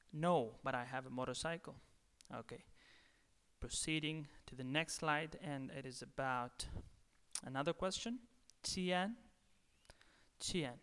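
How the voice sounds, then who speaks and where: A man giving a slow video lecture as a language teacher, repeating each word several times. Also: a little high, fairly bright tone, smooth. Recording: long reverb.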